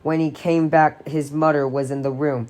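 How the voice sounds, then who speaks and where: A woman with a notably low voice reads a horror novel aloud. Her delivery is steady and expressive, like a careful audiobook reader. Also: normal speed. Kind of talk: dramatic reading of a novel.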